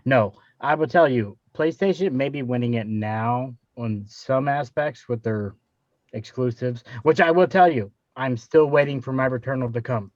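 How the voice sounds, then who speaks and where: A man's voice: mid-range voice, moderate pace, no echo. A man on a gaming podcast, boasting and joking. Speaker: podcast co-host. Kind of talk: casual chat. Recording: dull, lo-fi, dry.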